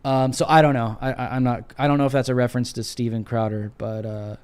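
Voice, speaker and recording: A man hosting a live political commentary stream, talking in an animated, repetitive and slangy casual way while reading viewer donations. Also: medium pitch, quick pace, clean tone. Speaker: host of a live show.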